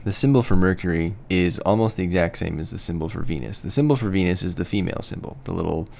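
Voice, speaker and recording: Low gravelly guy cohosting a podcast, kinda hesitant, chatty. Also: quick pace, a little mellow, a little hiss or hum. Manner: hesitant, apologetic about pronouncing names. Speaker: podcast co-host. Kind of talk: casual podcast chat.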